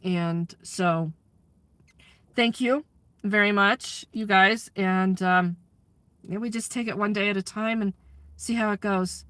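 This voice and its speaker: A woman's voice: medium pitch, fairly even intonation, slow, pauses often, fairly bright tone, clean tone, no room sound. A woman chatting candidly to her live audience, laughing often and swearing freely. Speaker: livestreamer and community aid organizer. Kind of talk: casual chat to a live audience.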